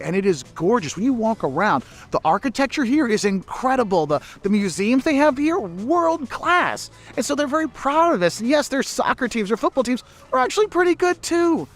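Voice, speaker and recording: A high-pitched American travel vlogger gives casual advice to the camera outdoors in a city. He's chatty, repeats words often, and slips into quick mimicked asides.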